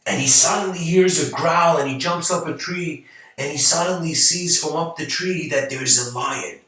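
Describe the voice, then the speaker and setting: A man's voice: a little high, moderate pace, fairly bright tone. A man telling a story as a rambling talk, hesitant and full of restarts. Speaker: channel host giving a talk. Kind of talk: rambling spoken storytelling lecture. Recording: very echoey room, far from mic.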